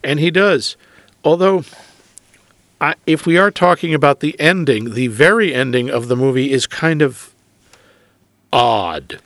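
A man with a slightly high voice co-hosts a podcast and talks casually about a movie. He is wry and animated, with frequent laughter. The recording is dry and close-miked. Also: unhurried, long pauses, dry recording. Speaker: podcast co-host. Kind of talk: casual movie review chat.

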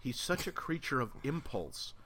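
A man's voice: mid-range voice, very animated, normal speed, pushed and bright, a little hiss or hum. A man co-hosting a casual movie discussion, offering wry, dry remarks. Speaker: podcast co-host.

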